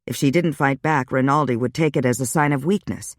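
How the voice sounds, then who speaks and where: A man narrating a dark romance audiobook in an even, measured storytelling voice. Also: a little high, no room sound, studio quality. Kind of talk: scripted narration.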